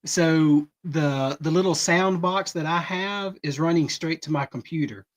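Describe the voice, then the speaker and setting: A man's voice: a little high, measured pace. A man co-hosting a livestream, chatting casually and asking questions about the setup. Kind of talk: casual chat.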